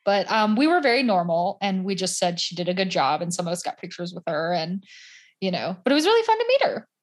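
A woman in casual podcast chat, telling stories in a chatty, animated way with many fillers. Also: lowish voice, quick pace.

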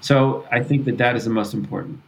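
A man's voice: mid-range voice, brisk, gravelly. A man with a mid-range voice talks through parenting advice as a podcast guest. He explains things thoughtfully, often restarting a phrase. Now and then he slips into short acted-out exchanges between a parent and a child. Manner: thoughtful, restarts and self-corrects, acts out parent-child dialogue. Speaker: psychologist and author, podcast guest. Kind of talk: conversational explanation.

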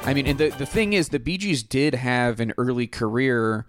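A man's voice: mid-range voice, lively intonation, moderate pace, soft background music. Playful male podcast host. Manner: playful, joking, leads the rundown. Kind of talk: casual chat.

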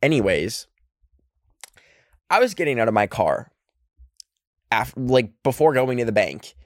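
A young man telling a story in a chatty, rambling way, packed with "like" and quick laughs, at an ordinary pitch for a man. He holds a handheld mic in a dry room at home, with no room sound behind him. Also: sing-song, dry recording, soft background music. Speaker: vlogger. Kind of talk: casual storytime. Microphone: handheld microphone.

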